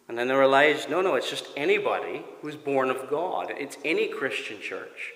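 A man with a Cork Irish accent, preaching a sermon as pastor, earnest and sometimes dropping to a soft near-whisper. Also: medium pitch, animated, moderate pace, hardly any pauses, reverberant, in a large hall. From Cork, Ireland. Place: church sanctuary.

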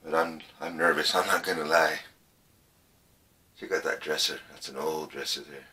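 A middle-aged man exploring an old abandoned trailer on a casual ghost-hunting vlog, talking in a halting, folksy way and repeating his words. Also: a bass voice, steady tone, bright, forceful tone, slightly rough. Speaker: paranormal vlogger.

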